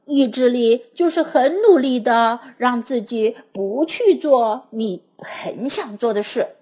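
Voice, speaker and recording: A level-headed storybook frog, voiced by a woman reading to children, explaining things in an earnest, careful way. The voice sits high and lively in pitch, with a slow, unhurried delivery. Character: sensible male frog, gently advising.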